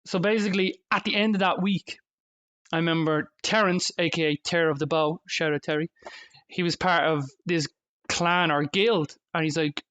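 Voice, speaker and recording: Swearing, animated male podcast storyteller. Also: on the high side, normal speed. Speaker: podcast co-host. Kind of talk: casual chat.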